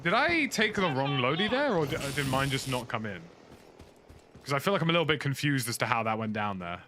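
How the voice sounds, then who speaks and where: A young British man talks loosely over his gameplay, circling back on his points with a frank, rambling manner. His voice sits at an ordinary mid pitch, and a steady wash of game noise runs under the recording. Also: fairly quick. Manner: chatty, rambling, frank opinions. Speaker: gaming streamer. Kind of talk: casual commentary while playing. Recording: noisy game audio underneath.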